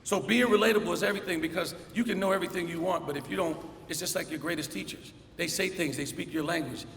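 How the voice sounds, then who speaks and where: A middle-aged man giving a motivational commencement speech, telling stories and acting out the dialogue with lively energy. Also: on the high side, fast talker, slight background noise. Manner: storytelling with energetic acted-out dialogue. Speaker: commencement speaker. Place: large hall. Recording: echoey hall, faint ambience.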